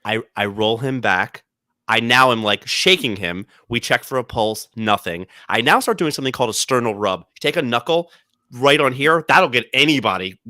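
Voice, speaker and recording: A man co-hosting a podcast in casual chat, his voice bright and ringing, swinging widely up and down as he tells a story. He jumps into quoted voices along the way. The sound is dry and close. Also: mid-range voice, lively intonation, normal speed, no echo. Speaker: podcast co-host. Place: podcast studio.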